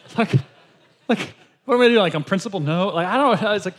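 A male pastor preaching a sermon, telling stories with animated quoted dialogue. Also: high-pitched, fast.

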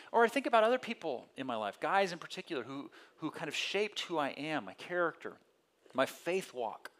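A male pastor giving a conversational sermon, telling personal stories and acting out voices with lively energy. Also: a little high. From California. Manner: conversational storytelling with animated quoted voices.

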